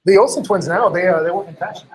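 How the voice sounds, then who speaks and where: A man's voice: sits high, fast, poor audio. A man in casual chat, rambling with lots of fillers and acting out quotes. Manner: rambling, heavy use of "like" and "you know"; acts out others' lines in quotes.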